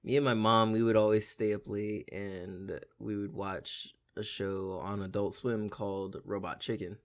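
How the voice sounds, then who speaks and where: A man in his twenties co-hosting a podcast, an animated storyteller who swears freely. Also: fairly low pitch, a little slow. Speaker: podcast co-host. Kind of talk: casual chat.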